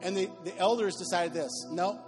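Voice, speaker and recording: High-voiced pastor preaching in a hall. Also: male voice, normal speed. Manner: animated, conversational preaching with asides. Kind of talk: sermon. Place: church sanctuary. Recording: reverberant hall with faint music.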